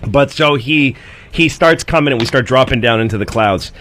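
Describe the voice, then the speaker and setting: A man who is a guest on a radio talk show. He tells a comic story in an animated, profane way and acts out the people in it. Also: mid-range voice, moderate pace, a little hiss or hum.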